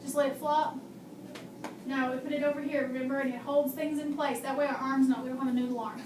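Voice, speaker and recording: High-voiced female teacher who quizzes patiently and models each sound, recorded from a distance in an echoey classroom. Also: fairly even intonation, fast talker. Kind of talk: classroom phonics and handwriting lesson. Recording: echoey room, mic far off, faint hum.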